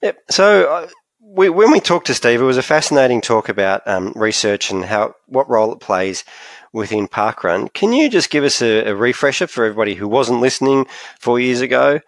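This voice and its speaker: Gravelly man hosting a podcast. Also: mid-range voice, big pitch swings, fairly quick, no echo. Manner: easygoing, agreeable, lots of "yeah". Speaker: podcast host. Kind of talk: casual podcast chat.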